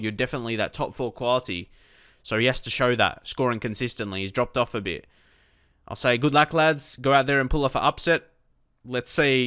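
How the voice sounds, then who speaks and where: A young man chatting through live gameplay, talking to himself and his viewers and erupting in frustrated shouts at his players. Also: medium pitch, clear, resonant tone, no echo, clean studio sound. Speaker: gaming YouTuber.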